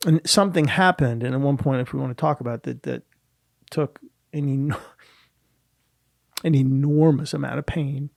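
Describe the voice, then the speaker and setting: A middle-aged man, a guest and motivational speaker, telling a personal story with emotion and pausing often to search for his words. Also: medium pitch, creaky, dry recording, clean studio sound. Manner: halting, searching for words, many restarts.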